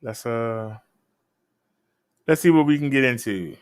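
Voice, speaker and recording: A man's voice: medium pitch, animated, a little slow. A man hosting a casual live stream, chatting with viewers in a laid-back, direct way. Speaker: live-stream host reviewing e-bikes.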